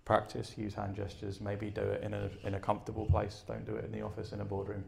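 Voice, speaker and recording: Male conference speaker, gravelly, energetic storyteller who asks the room questions. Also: on the low side, fast, slight background noise. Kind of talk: live talk and Q and A. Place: event room with an audience.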